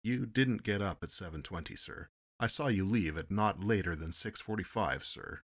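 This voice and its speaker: A man's voice: fairly low pitch, moderate pace. A man doing an eager, polite ship's steward. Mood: earnest. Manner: polite, says sir often. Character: deferential male ship's steward, eager and talkative.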